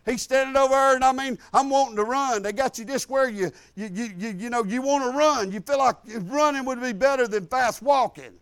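An older man preaching a sermon, telling a funny personal story in a folksy, humorous way with low asides. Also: fairly quick, hardly any pauses, a bit bright, clean tone, no echo.

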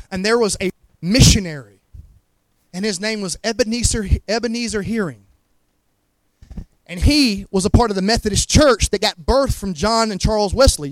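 A man's voice: high-pitched, no echo, poor audio. A man with a Southern accent, preaching a fervent sermon as a guest preacher, often stumbling over repeated words and asking the congregation if they hear him. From Montgomery, Alabama. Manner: fervent, repeats words, asks the crowd to agree.

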